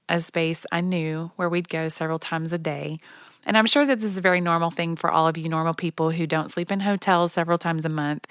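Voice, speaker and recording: A woman's voice: lowish voice, fairly bright tone, clear, resonant tone, no echo, studio quality. A woman from Oklahoma telling a chatty, self-deprecating story in a casual monologue, laughing now and then as she talks.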